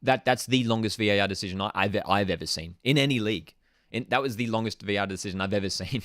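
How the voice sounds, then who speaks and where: A man's voice: fairly low pitch, quick pace, a bit bright, no room sound, clean studio sound. A young man hosting a live football watchalong, ranting in exasperation and casual slang while reading out chat messages. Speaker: host of a football watchalong stream.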